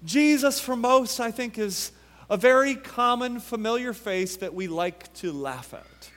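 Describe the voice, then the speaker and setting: High-voiced pastor preaching in a reverberant hall. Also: male voice, animated, a bit bright. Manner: emphatic, repeats rhetorical questions with dramatic pauses. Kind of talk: sermon. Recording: long reverb from a large hall.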